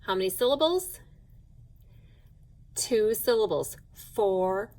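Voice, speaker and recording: Woman teacher, phonics lesson for kids; unhurried, patient, sounds out each syllable. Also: mid-range voice, expressive, low-quality recording. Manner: slow, clear, patient classroom delivery, sounding words out. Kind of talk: recorded phonics lesson for children.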